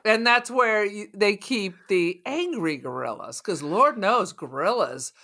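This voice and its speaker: A woman's voice: mid-range voice, animated, a little slow, sharp tone. A woman co-hosting a podcast in casual chat, joking sarcastically. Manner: sarcastic, jokey. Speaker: podcast co-host.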